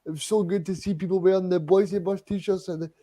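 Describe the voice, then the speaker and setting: A man's voice: high voice, fairly even intonation, fairly quick, warm tone. A Scottish man hosting a football podcast, hesitant and full of fillers. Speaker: podcast host. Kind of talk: casual chat.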